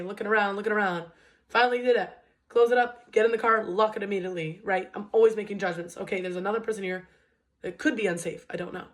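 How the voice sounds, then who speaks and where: A woman in her twenties giving a casual motivational talk, conversational, often checking in with "okay?" and "right?" and restarting her sentences. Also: mid-range voice. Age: 20s. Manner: restarts sentences and uses many fillers, pace swings between quick and slow. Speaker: educator and motivational speaker.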